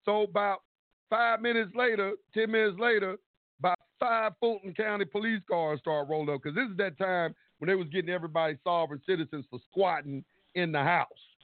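A man with a high voice tells a long, lively story on a call-in show. He voices the other people's lines himself and swears freely. The sound is tinny and dry, like a phone line. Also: fairly quick, no echo. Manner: animated storytelling, acting out quotes, swearing. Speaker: caller.

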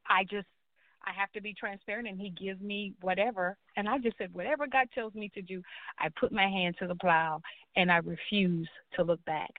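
A woman's voice: on the low side, no echo. A woman guest earnestly telling a personal story, acting out the dialogue she quotes. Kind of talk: personal testimony in a talk show. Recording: tinny phone-like line, dry.

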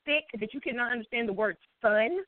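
A woman with a Southern US accent, chatting as a guest on a talk show and telling stories in an animated, drawling way. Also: on the high side, normal speed, over a noisy crowd. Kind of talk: casual chat. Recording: dry, phone-like sound.

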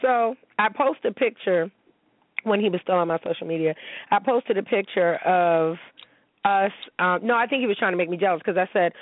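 A woman's voice: mid-range voice, normal speed, dry recording. A woman hosting a podcast, telling a story in casual chat with blunt, profane outbursts. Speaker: podcast host. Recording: tinny phone-line sound.

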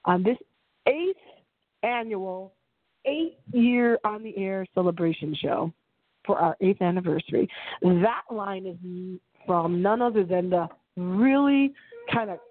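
A middle-aged woman hosting her internet radio show alone, talking in a theatrical, dramatic way with big swings in pitch. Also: slow. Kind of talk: solo radio show monologue. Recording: phone-line audio.

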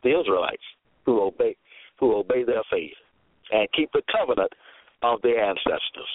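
A man preaching a radio sermon, slow and emphatic, repeating himself and asking rhetorical questions. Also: fairly low pitch, animated, no echo. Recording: tinny phone-like radio audio.

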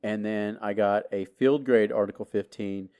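A man's voice: lowish voice, fairly even intonation, moderate pace, dark tone. A middle-aged man, a podcast host telling a long personal story in a casual, rambling way, full of filler words and restarts. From Texas.

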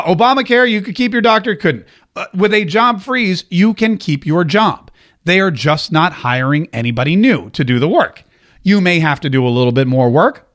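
A man's voice: high voice, a bit bright. A man hosting a talk show, giving casual, joking political commentary with frequent restarts. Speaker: podcast host.

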